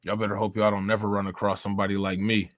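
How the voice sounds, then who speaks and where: This is casual live-stream commentary from a male host who talks fast in a lowish monotone. The audio is studio quality with no echo, and he rambles profanely, laughs a lot, and says things more than once.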